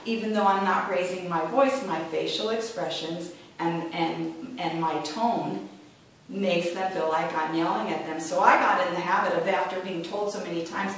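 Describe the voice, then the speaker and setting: A woman's voice: on the low side, unhurried, far from the mic, slight background noise. Chatty woman in an echoey room. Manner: chatty, acts out voices when quoting. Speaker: club speaker. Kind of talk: prepared club speech.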